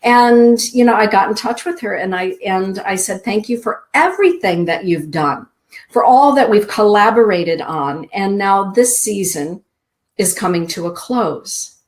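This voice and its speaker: A middle-aged woman hosting a spiritual show, giving card readings to listeners in a soft, slow, drawn-out inspirational way. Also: medium pitch, expressive. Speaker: show host and card reader.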